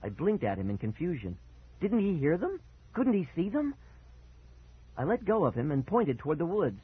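A man reading a first-person story aloud with expressive, dramatic delivery and a husky voice. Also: fairly high pitch, moderate pace. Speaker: audiobook narrator. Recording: tinny phone-like sound.

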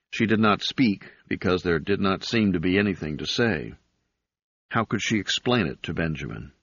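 Deep husky guy reading an audiobook, steady, kinda dull recording. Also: no room sound. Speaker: audiobook narrator. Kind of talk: scripted narration.

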